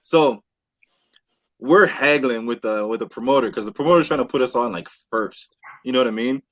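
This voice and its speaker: A man telling a wild story on a casual podcast with friends, animated and swearing, acting out what people said. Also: medium pitch, moderate pace. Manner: animated, swears a lot, acts out quotes. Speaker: podcast host. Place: indoor podcast room with friends.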